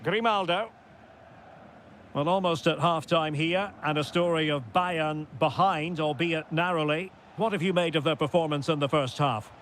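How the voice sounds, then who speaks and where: A man giving play-by-play football game commentary, shouting on goals and calm between plays. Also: on the high side, moderate pace, slight background noise.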